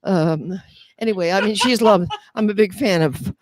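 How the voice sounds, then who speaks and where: A woman's voice: medium pitch, moderate pace, background noise. A woman stopped in passing for a cheerful, amused chat. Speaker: passerby guest. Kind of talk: casual chat.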